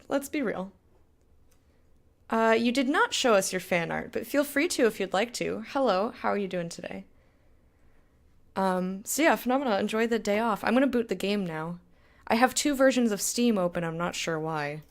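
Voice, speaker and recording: A young woman chatting casually with her stream viewers while gaming, rambling, laughing often and going off on tangents. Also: medium pitch. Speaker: game streamer.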